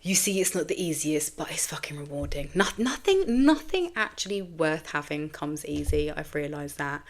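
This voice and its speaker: A woman with a low voice hosts her own podcast. She talks in a candid, rambling way with casual swearing, a little emotional as she goes. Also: animated, normal speed. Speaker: podcast host. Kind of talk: personal monologue podcast.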